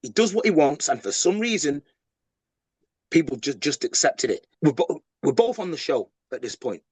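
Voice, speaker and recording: Husky man telling a story. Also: a little high, dry recording. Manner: animated storytelling with quick repeats and acted-out quotes. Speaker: podcast guest. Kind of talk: storytelling interview.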